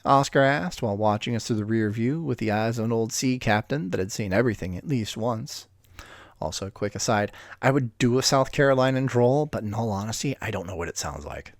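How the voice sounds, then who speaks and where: A man's voice: mid-range voice, lively intonation, brisk, gravelly, dry recording, studio quality. A man reading a story aloud with a casual, profane, self-deprecating manner and offhand asides. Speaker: reader of stories.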